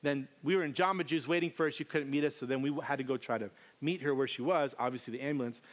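A man's voice: medium pitch, quick pace. A man in his thirties preaching a sermon as pastor, telling humorous family stories with acted-out quotes.

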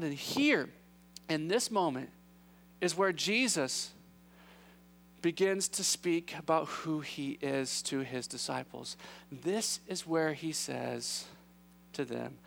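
Male pastor, high voice, casual storytelling sermon that dramatizes the characters. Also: a little slow, creaky, fairly bright tone. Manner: conversational, acts out disciples' voices.

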